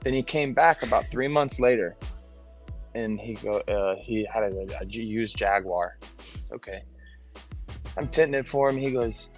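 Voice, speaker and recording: A man's voice: on the low side, a little fast, faint music behind. Window tinter guest, male, casual chatter, likes to act out quotes. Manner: loose storyteller, acts out quoted voices, swears. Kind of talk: casual chat.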